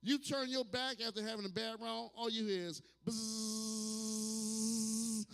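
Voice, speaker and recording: A man's voice: high-pitched, little pitch movement, takes it slowly. Brash, profane man in his fifties, club reverb. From New Orleans, USA. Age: 50s. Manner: loud, brash and profane, with sudden shouts and acted asides. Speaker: stand-up comedian. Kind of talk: stand-up comedy set. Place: distillery bar with live audience. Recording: hall reverb from a club room.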